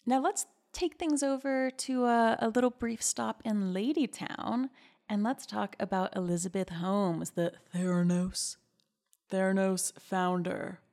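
A woman's voice: mid-range voice, a little slow, darkish tone. A woman hosting a podcast in a casual, chatty gossip style, giggling and reacting with big, exaggerated disbelief. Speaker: podcast host.

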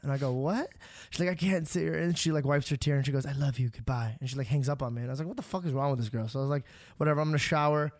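A man's voice: mid-range voice, very fast, few pauses, no room sound, studio quality. A young man, a podcast host, telling a long personal story in casual chat, swearing freely and acting out what people said. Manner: animated, swears freely, acts out quotes.

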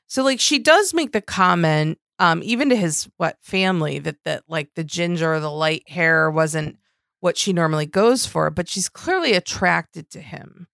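A woman's voice: fairly low pitch, animated, normal speed, vocal fry, a bit bright, no echo, clean studio sound. A woman co-hosting a podcast, recapping a reality show in casual, sarcastic, exasperated talk with some swearing. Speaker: podcast co-host.

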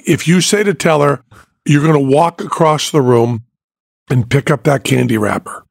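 A man co-hosting a podcast, chatting casually and telling animated stories with frequent laughter. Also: medium pitch, gravelly, breathy edge, no room sound, clean studio sound. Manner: animated storyteller, laughs often. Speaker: podcast co-host.

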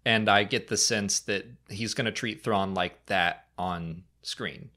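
A man co-hosts a casual fan podcast with a somewhat low voice. He answers listener questions at length and breaks into quick, jokey impressions. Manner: animated, jumps into funny impressions. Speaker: podcast co-host.

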